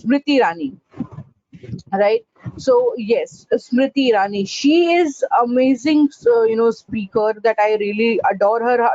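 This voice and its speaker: A woman teaching a pronunciation class, halting with fillers and repeating corrected words in a slow drill. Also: a little high, darkish tone, no room sound, dull audio. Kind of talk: online class lesson.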